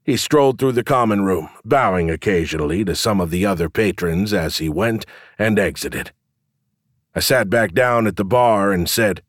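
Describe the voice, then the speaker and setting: A man with a low, gruff voice narrating a first-person fantasy audiobook. He tells the story in a wry, dry-humored way. The recording is dry and close, with no room sound. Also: normal speed, no echo.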